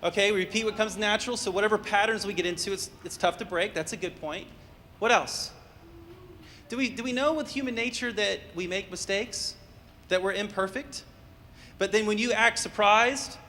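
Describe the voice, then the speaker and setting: A man with a high voice counsels parents in a live workshop, telling anecdotes and acting out the voices in them as he goes. He keeps checking in with the audience and asking them questions. His voice rings with long reverb in a hall, with faint room noise underneath. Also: moderate pace, bright, forceful tone. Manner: storytelling, acts out quoted voices, asks the audience questions. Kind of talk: interactive talk to an audience.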